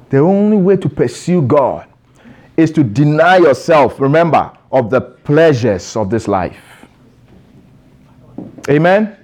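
A man's voice: on the high side, expressive, slow, long pauses, darkish tone. A man preaching a sermon to a congregation in a church, asking rhetorical questions and calling for responses.

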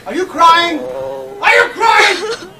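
Shouting gruff baseball manager. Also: male voice, very high-pitched, lively intonation, drawn-out words, loud music behind the voice, heavily acted. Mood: mocking. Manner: berating, shouting. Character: gruff, drunken male baseball team manager. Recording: noisy film clip.

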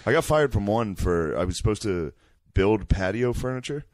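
A young man on a comedy podcast, quickly telling a self-deprecating story about his old jobs. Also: on the low side, animated, darkish tone, dry recording. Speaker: podcast co-host. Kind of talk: casual comedic chat.

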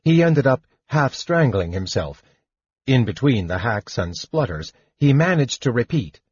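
A man reads a fantasy novel aloud at an unhurried pace, his pitch moving expressively across each sentence. His voice has a husky edge, and the recording is dull and dry. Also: no room sound. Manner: slow, expressive reading. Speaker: audiobook narrator. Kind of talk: scripted narration.

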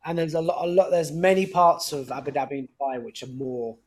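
Husky-voiced man chatting casually. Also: a little high, a little fast, a little mellow. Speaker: podcast guest, musician. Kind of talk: casual conversation.

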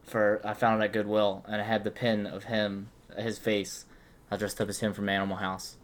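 A man's voice: lowish voice, normal speed. A young man telling a rowdy story in a casual chat, swearing often and acting out his friends' lines. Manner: swears constantly, animated when quoting friends.

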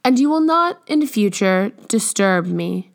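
Woman voicing a cold young society lady, curt, withdrawn, slow murmured words, storybook reading. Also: mid-range voice, lively intonation, gravelly. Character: aloof young society lady, weary of attention.

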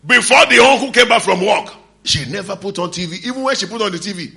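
A man preaches a sermon in a high voice with a bright, cutting tone. He acts out the scenes himself, swinging from hushed asides to loud shouts. A gravelly rasp runs through his speech. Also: expressive, fast talker. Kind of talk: sermon storytelling.

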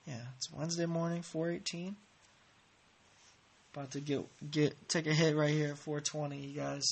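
A man's voice: fairly high pitch, level tone, normal speed, vocal fry. Rambling laid-back male podcast host. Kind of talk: casual rambling chat.

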